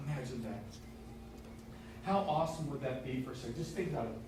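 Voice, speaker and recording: A man preaching a casual, lively sermon, asking the congregation questions as he goes. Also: medium pitch, quick pace, long pauses, heavy reverb, distant mic, slight background noise, poor audio. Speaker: pastor. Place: church sanctuary.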